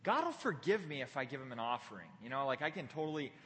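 A man's voice: mid-range voice, big pitch swings, fast, pushed and bright, long reverb tail, pitched below the performer's own voice. A man voicing a young male warrior who teases and mocks his rivals in a casual, sarcastic way. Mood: reasoning.

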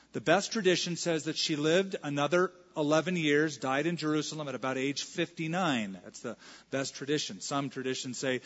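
A fairly high-voiced man preaching in a church, speaking in a conversational, storytelling way as he walks through a scripture passage. The sound is dull and lo-fi, and a long reverb trails off each phrase. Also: fairly bright tone. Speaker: pastor. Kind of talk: sermon.

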